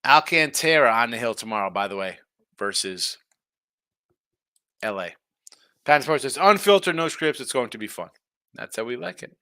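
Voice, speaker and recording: A man hosting a sports betting show, chatting casually and reacting to viewer comments in a lively, tired-but-animated way. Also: mid-range voice, moderate pace, pauses often, no echo, clean studio sound. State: tired, yawning. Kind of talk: casual betting talk reading chat.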